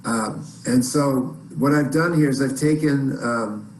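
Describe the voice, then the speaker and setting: A man's voice: medium pitch, takes it slowly. A man teaching chant in an online lesson, explaining in plain words between short sung phrases. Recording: roomy echo, faint noise.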